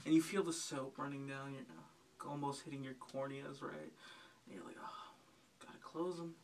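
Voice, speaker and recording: A man's voice: fairly high pitch, recorded from a distance. A man doing stand-up, telling a rambling, profane, self-mocking story. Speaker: stand-up comedian.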